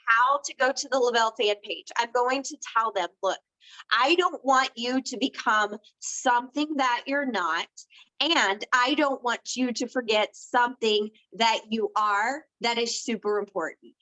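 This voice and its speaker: A woman's voice: fairly high pitch, pushed and bright, low-quality recording. A woman giving a casual training talk to her sales team, earnest and coaching, with many fillers and restarts.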